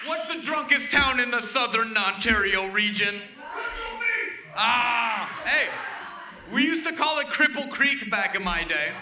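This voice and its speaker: A man's voice: extremely high pitch, expressive, unhurried. A man doing stand-up comedy with brash, profane crowd work. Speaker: stand-up comic. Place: comedy venue. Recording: echoey room, faint noise.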